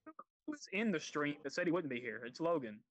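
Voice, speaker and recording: A man's voice: on the high side, very animated, brisk, rough recording. A man with a Southern US accent, joking easily as a guest analyst on a voice call. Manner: joking, easygoing. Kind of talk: casual chat over voice call.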